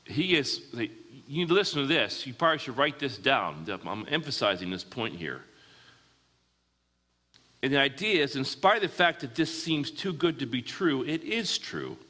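A pastor with a medium-pitched, pushed and bright voice preaches at a normal speed with big pitch swings. He often poses questions to his listeners and then answers them himself, in a hall with long reverb.

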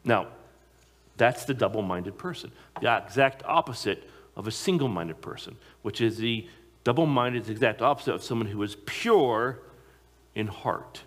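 A man preaching a sermon to a congregation, emphatic, slowing down to stress key phrases. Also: mid-range voice, lively intonation, fairly bright tone. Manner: emphatic, slows down on key phrases, occasional repeated words.

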